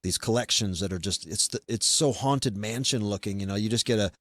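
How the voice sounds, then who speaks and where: Man, low-pitched, loose rambling chat host with lots of fillers, dry close sound. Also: fairly quick, no echo. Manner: rambling, relaxed, many fillers and restarts. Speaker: podcast host being interviewed. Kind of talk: casual chat.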